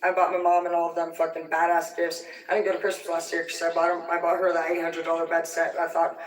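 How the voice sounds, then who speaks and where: A woman's voice: lowish voice, completely flat delivery, fast, hardly any pauses. A woman on a livestream, ranting in a heated, vulgar, rambling way. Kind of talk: profane angry rant on a livestream. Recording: echoey room, distant from the mic.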